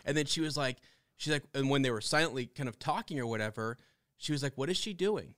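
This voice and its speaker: A man co-hosting a podcast, telling stories with excited, animated energy and frequent restarts. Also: mid-range voice, quick pace, smooth, no room sound, clean studio sound. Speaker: podcast co-host. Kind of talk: casual fan discussion.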